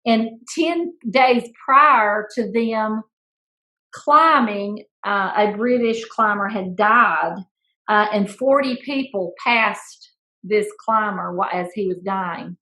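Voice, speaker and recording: A woman co-hosting a casual chat, telling a story with playful teasing and an animated delivery. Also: mid-range voice, slow pace, poor audio. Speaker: school principal, podcast co-host.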